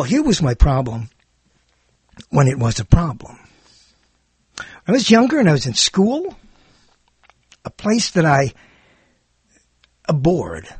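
A man giving a rambling spoken monologue, animated and digressive, often correcting himself mid-sentence. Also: a little high, slightly rough, no room sound. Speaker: monologue speaker.

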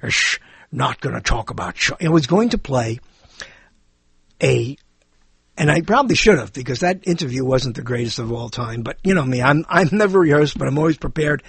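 A male talk show host in a loose, rambling monologue, self-deprecating and hopping from topic to topic. His voice sits high, with pitch swinging widely. It is a little husky and sounds dry. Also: lively intonation, fairly quick, dry recording.

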